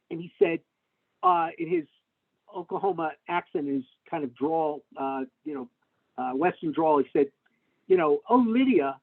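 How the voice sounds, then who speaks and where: A middle-aged man answers interview questions in a gravelly, somewhat high voice, rambling with lots of fillers and restarts. His pitch jumps around a lot. The audio is thin and tinny, as if it came through a video call. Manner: animated storytelling with frequent fillers and restarts. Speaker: tax lawyer, interview guest. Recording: tinny phone-like webinar audio.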